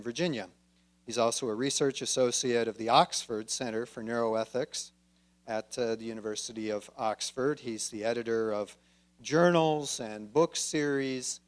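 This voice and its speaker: Man introducing a lecture speaker. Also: mid-range voice. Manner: reads off credentials with small fillers. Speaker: event host introducing the speaker. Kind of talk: formal introduction.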